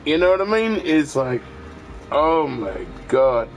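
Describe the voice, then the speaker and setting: A man's voice: a little high, big pitch swings, slow, a little hiss or hum, rough recording. A man, chatting casually and rambling while he plays a video game, swearing freely and often restarting his sentences. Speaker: gaming streamer. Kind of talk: casual chat while gaming.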